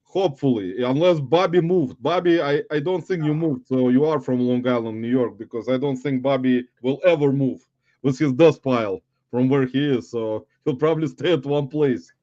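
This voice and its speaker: A man's voice: medium pitch, normal speed, warm tone, dry recording. A man hosting a casual livestream interview, greeting viewers and addressing them as guys. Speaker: livestream host. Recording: dull dry audio.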